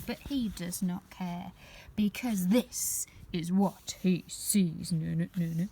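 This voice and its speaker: Nursery teacher, woman, story time for small children, lively and unhurried, faint hiss behind. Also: lowish voice, creaky. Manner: animated and expressive, asks children questions. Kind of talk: reading a picture book aloud to young children.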